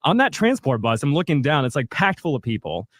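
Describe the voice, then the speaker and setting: A man's voice: a little high, very animated, fairly quick, no echo. A man on a morning radio show, telling travel stories in a laid-back way and laughing through them, in a studio. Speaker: radio co-host. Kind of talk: casual storytelling chat.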